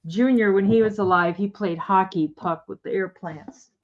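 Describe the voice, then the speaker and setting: A woman's voice: mid-range voice, moderate pace. Woman co-host, friendly rambling sales chat, slightly dull lo-fi recording. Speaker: live sale co-host. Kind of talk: casual selling chat.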